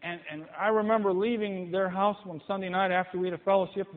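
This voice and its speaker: Preacher, male, high voice, fervent sermon delivery, hall reverb, tinny sound. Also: level tone, fast talker. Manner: impassioned, mimics people in quoted voices.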